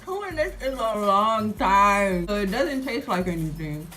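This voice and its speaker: A woman's voice: medium pitch, measured pace, bright, forceful tone. A young woman, chatting to camera in a casual, playful way and calling her viewers y'all. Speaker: vlogger reviewing a product.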